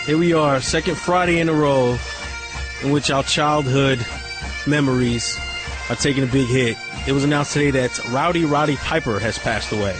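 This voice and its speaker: Low-key male co-host. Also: normal speed, over music. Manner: brief, low-key interjections. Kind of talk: casual radio talk.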